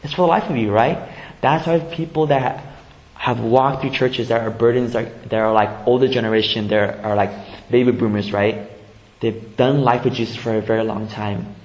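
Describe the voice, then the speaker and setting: A man preaching a sermon as pastor, in a casual, conversational way that swings between hushed emphasis and lively bursts. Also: medium pitch, moderate pace, roomy sound, low-quality recording. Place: church sanctuary.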